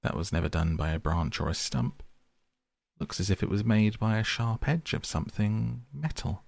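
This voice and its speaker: An eager, bossy storybook water rat, voiced by a man reading aloud, impatient and insistent. The voice stays low and gravelly, close to the reader's own. It is recorded dry and close, with no room sound. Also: moderate pace, darkish tone, no room sound. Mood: kindly.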